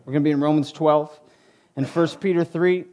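High-voiced man preaching a sermon. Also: steady tone, brisk. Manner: prays softly, then preaches with rising intensity. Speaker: pastor. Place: church sanctuary.

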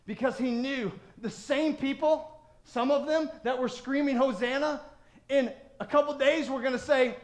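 Man, pastor, sermon, very high voice, fervent then hushed, echoey church. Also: fairly even intonation, normal speed. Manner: swings between loud fervent preaching and low quiet emphasis.

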